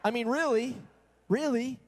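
A man's voice: very high voice, measured pace. A male pastor preaching a sermon to his congregation in a conversational way, asking them questions and acting out quoted voices. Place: church sanctuary. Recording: long reverb in a church hall.

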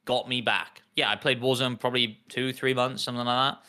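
A man co-hosting a casual gaming podcast, chatty and full of quick asides. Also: medium pitch, flat delivery, bright, forceful tone. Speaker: podcast co-host.

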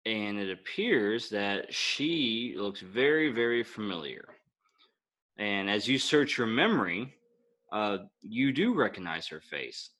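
A man acting as game master, explaining rules and narrating scenes in a relaxed way with many fillers. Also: lowish voice, slow pace.

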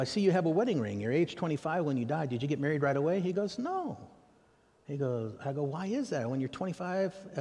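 An American man preaching, telling a story with animated quoted dialogue. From United States. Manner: animated, acts out dialogue with raised pitch for questions. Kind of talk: sermon storytelling. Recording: long reverb of a large hall.

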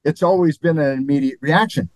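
A man's voice: a little high, fairly quick, darkish tone, no echo, rough recording. An older man, a former athlete and guest, telling stories in a rambling, chuckling way. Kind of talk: anecdotal interview storytelling.

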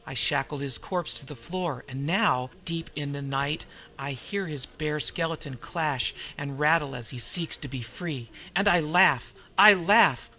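A man voicing a murderous, insane male innkeeper who roars and booms with mad laughter. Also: a little slow, hardly any pauses, bright, forceful tone. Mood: manic. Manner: roaring, booming mad laughter.

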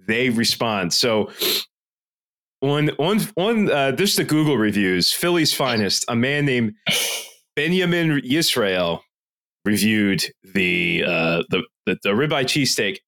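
Podcast guy from philly, swears a lot, rants and reads reviews out loud. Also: medium pitch. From Philadelphia area. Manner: profane, ranting, reads reviews aloud. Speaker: podcast co-host. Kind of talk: casual podcast banter.

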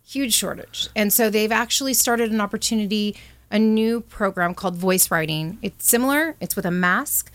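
A woman's voice: mid-range voice, normal speed, a bit bright, no room sound. A woman speaking as a college representative in an interview, enthusiastic and upbeat. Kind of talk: promotional interview.

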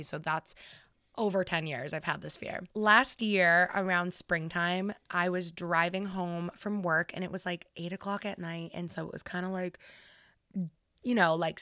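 A woman in her twenties, a podcast co-host, telling a story in a casual, animated and heavily profane way. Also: fairly low pitch, clear, resonant tone, no room sound, clean studio sound.

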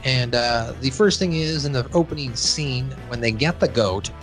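A man's voice: medium pitch, normal speed, faint music behind. A man hosting a casual podcast, joking around, plugging a sponsor and recapping a cartoon episode. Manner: loose, joking, reads sponsor plugs. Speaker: podcast host.

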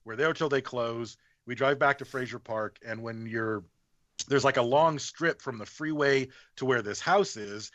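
A man guesting on a podcast tells a story in casual chat, animated and freely profane, acting out other people's lines. His mid-range voice moves at a moderate pace, and the dry recording sounds slightly muffled.

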